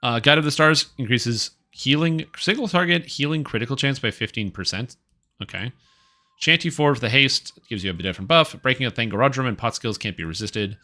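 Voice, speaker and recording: A man's voice: medium pitch, animated, brisk, bright, forceful tone. A man streaming a video game, chatting casually in a rambling, offhand and opinionated way. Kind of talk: casual live-stream commentary.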